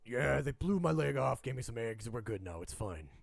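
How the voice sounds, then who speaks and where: A man voicing a gruff, wounded male adventurer in a tabletop game, blunt and quick to exclaim. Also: medium pitch, lively intonation. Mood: dismissive.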